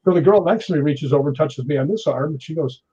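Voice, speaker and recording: Husky-voiced man in his sixties, telling stories. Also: on the high side, quick pace. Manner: animated storyteller acting out quoted voices. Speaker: guest. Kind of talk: storytelling in an interview. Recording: dull lo-fi audio.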